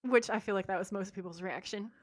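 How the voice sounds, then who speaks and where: A woman with a mid-range voice speaks fast in clean studio audio with no room sound. Co-hosting a podcast, she reads a TV episode recap from her scene notes, acting out the lines and laughing often.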